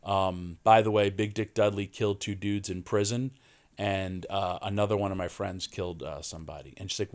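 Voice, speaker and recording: A man, a podcast guest telling animated stories and acting out quoted voices. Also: low voice, a little fast. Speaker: wrestling guest. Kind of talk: storytelling in a podcast interview.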